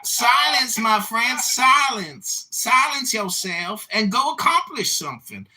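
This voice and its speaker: A man voicing a loud, bullying ranter who taunts people in a mock rant on a voice-chat app. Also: very animated, takes it slowly, exaggerated voice. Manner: shouting, taunting, high-pitched.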